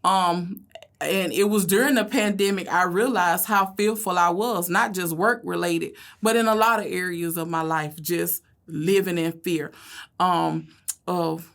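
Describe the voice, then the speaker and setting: A middle-aged woman with a Southern accent, a school bus driver telling animated stories in a conversational interview. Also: a little slow, vocal fry. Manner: animated storyteller, acts out kids and herself in loud high voices.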